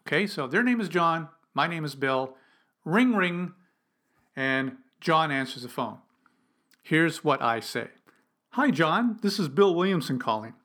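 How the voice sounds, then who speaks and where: A man's voice: on the high side, bright, forceful tone. A man giving a spoken lesson on cold calling for copywriters, talking in a conversational, emphatic way and often restarting his sentences. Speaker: copywriting instructor. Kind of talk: spoken lesson with role-played calls.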